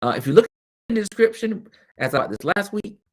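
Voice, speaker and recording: A man's voice: high-pitched, sing-song, brisk. A man hosting a webcast as a former teacher, talking candidly and casually, with frequent laughs and chatty asides.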